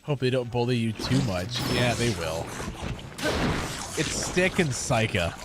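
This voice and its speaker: A man's voice: medium pitch, lively intonation, measured pace, background noise. A man in his thirties, a livestream gamer chatting casually with viewers in a sassy, sarcastic way. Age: 30s. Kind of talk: casual stream chat with viewers.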